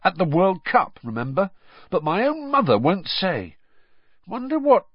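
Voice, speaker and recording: A grumpy, impatient teenage boy complains in a raised voice, as a man puts him on. The storybook reading sounds husky and dry. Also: high-pitched, huge pitch swings, a little slow, no room sound, highs cut off, pitched above the performer's own voice, full character voice. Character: curious, irritable teenage boy.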